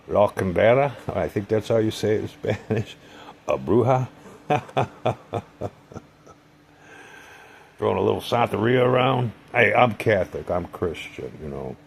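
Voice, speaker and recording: A man's voice: fairly low pitch, vocal fry, slight background noise. A man telling a personal story in a casual monologue, rambling and digressive, with a sardonic sense of humor. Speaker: vlogger.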